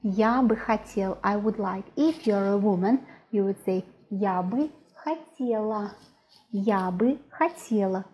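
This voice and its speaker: A woman's voice: medium pitch, darkish tone, dull audio. A woman with a Russian accent teaching a language lesson, patiently repeating each word. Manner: patient, repeats words slowly.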